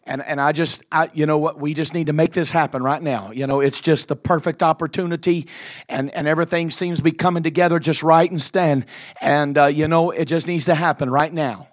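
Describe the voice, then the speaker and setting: A man preaching a storytelling sermon, animated and dramatic, drawing words out and laughing often. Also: fairly high pitch, fairly quick.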